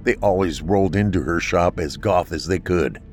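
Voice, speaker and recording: Deep-voiced man narrating a horror story. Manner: steady, measured storytelling.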